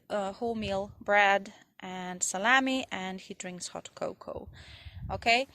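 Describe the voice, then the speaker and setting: A woman's voice: mid-range voice, fairly bright tone, dry recording. A young woman, a Slovene English teacher, reading textbook passages aloud and going over the answers with her pupils. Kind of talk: recorded lesson for pupils.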